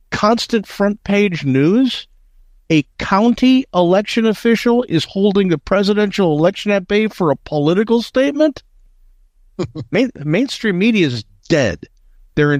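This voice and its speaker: A man's voice: a little high, no room sound, clean studio sound. An American man hosting political talk radio, emphatic and indignant, often repeating words as he builds a point. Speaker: radio talk show host.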